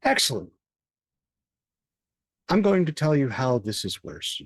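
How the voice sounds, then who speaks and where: Slow husky-voiced man narrating. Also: mid-range voice, sing-song, dry recording. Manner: slow, measured, grim narration. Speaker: game master. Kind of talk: narrating a tabletop horror game.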